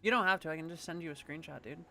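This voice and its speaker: Woman streamer, casual rambling chat, crisp bright tone, faint music underneath. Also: sits low, very fast. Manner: chatty, rambling, casual swearing.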